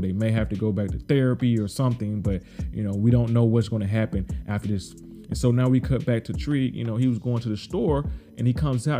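A man's voice: medium pitch, dark tone. A man recapping a TV episode in casual, rambling talk, repeating words and acting out characters' lines. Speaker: podcast host recapping a TV episode.

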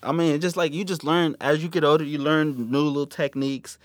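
A man's voice: a little high, steady tone, fairly quick, no echo. A man in his twenties telling crude stories in casual banter, brash and profane. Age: 20s.

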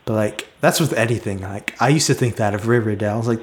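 A man's voice: on the low side, fast. An American man hosting a casual chat, rambling along with lots of filler words. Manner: rambling, heavy use of "like" fillers. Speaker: host. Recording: echoey room.

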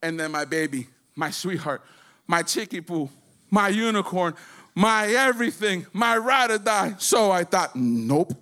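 A man's voice: sits high, bright, forceful tone, clear, resonant tone. Crude, rambling stand-up comedian man. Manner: does quick voices for his daughter and others.

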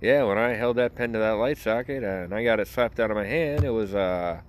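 A podcast host with a slightly low voice tells a rambling story loosely and offhandedly, repeatedly breaking into laughter. He talks a little fast, and there's a bit of hiss or hum.

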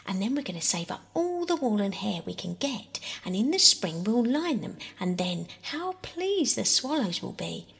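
A woman reading aloud, voicing a bossy, quarrelsome young girl in an insistent, high voice. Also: sing-song, moderate pace, vocal fry, fairly bright tone. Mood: eager.

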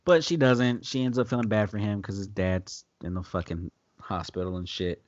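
A man's voice: on the low side, normal speed, no room sound, lo-fi sound. A man recapping a TV episode in loose, profane casual chat. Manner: loose, profane, animated retelling with quoted voices. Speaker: podcast host recapping an episode.

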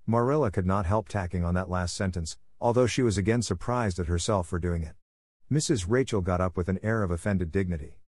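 A man narrating a classic novel as an audiobook in a steady, even reading. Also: sits low, a little fast, dry recording, clean studio sound.

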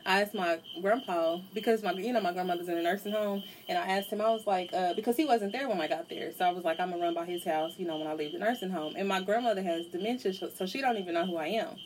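Fast-talking woman telling a family story. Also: on the low side, slight background noise, poor audio. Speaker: podcast co-host. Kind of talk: casual chat.

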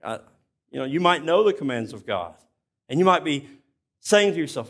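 Conversational male pastor with a higher voice. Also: big pitch swings, moderate pace, long pauses. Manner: plainspoken and conversational, with restarts. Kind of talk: sermon.

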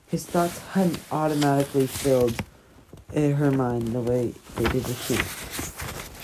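A very low, husky woman reading a novel. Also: warm tone, low-quality recording. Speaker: audiobook reader. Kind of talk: reading a novel chapter aloud.

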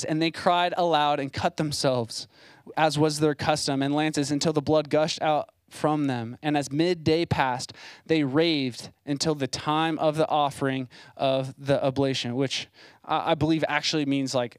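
A man's voice: fairly high pitch, fairly even intonation, moderate pace, smooth, no echo. A young man preaching a sermon as a site pastor, in a casual, conversational way with plain asides.

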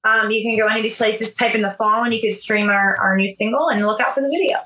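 Bright-voiced chatty female band member. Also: a little high, steady tone, fast, distant mic, slight background noise, poor audio. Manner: chatty, enthusiastic, promotes and recommends. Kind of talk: casual interview chat.

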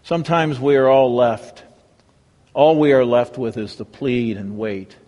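A male pastor preaching a sermon with a dramatic delivery that swings from raised emphasis to hushed, reverent tones. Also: mid-range voice, fairly even intonation, a little slow, long reverb tail.

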